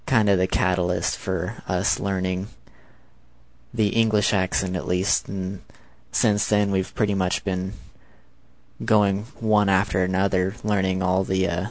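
A man's voice: low-pitched, flat delivery, measured pace. A 19-year-old man with an American accent, talking in a chatty, rambling monologue. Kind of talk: casual spoken monologue.

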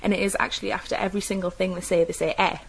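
A woman's voice: medium pitch, steady tone, very fast, creaky, slight background noise, low-quality recording. A young woman with a mild Geordie accent from North East England, chatting casually about her own upbringing and speech, with many fillers and self-corrections. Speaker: interviewee describing her own dialect. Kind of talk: casual personal recollection.

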